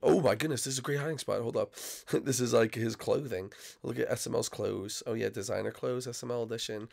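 A man with a cold hosting excitable, rambling gameplay commentary. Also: medium pitch, brisk, vocal fry. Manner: excitable, rambling, shouts out to friends. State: sick, coughing. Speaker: YouTube gaming host.

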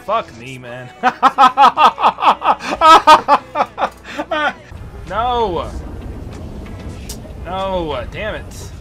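A young man streaming a video game, laughing constantly, swearing freely and bursting out in excitement. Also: very high-pitched, extremely slow, pauses often, faint music behind. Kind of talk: casual gameplay commentary.

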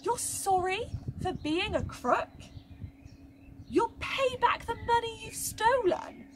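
Slow, high-voiced woman telling a children's story. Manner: slow, gentle, expressive storytelling. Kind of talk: reading a rhyming Bible story to children. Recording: loud background noise with birdsong.

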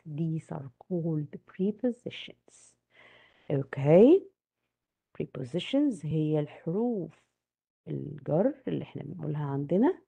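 An Egyptian woman with a low, gravelly-fry voice quizzes her class in a recorded English lecture, switching between Arabic and English. The audio is thin and tinny, as if heard over a phone line.

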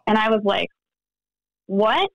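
A woman guest on a podcast interview, recounting events in an animated way and acting out the voices of others. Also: mid-range voice, slow, gravelly, dry recording, poor audio. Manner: animated storytelling, acts out quoted dialogue. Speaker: interview guest, friend of the deceased.

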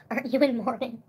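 A young woman chats casually on a livestream, rambling loosely, laughing a lot and eating while she talks. Her voice is quite high and a bit husky, moving between quiet asides and fits of giggles.

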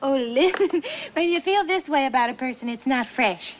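A woman's voice: sits high, expressive, moderate pace, noisy background. Giggly, lovestruck young woman. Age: young adult. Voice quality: breathless, giggly. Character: lovestruck young daughter, sweet and teasing. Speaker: daughter and shop clerk. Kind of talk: film drama acting.

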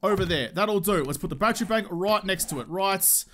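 A man's voice: high-pitched, a little fast, fairly bright tone, a little hiss or hum. A young man giving frantic, swearing commentary to himself while playing a video game. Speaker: gaming channel host. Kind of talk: live gameplay commentary.

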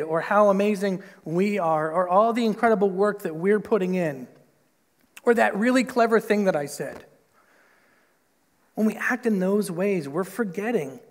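High-voiced preacher in a reverberant church. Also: male voice. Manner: conversational, lots of "like" and "right?"; acts out quoted voices with big pitch jumps. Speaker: pastor. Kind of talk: sermon. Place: church sanctuary. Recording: long hall reverb in a church.

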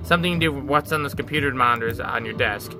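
A man voicing a formal, helpful hotel concierge in a video game, reading the lines in a measured way. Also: mid-range voice, over music, close to an everyday voice. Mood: courteous.

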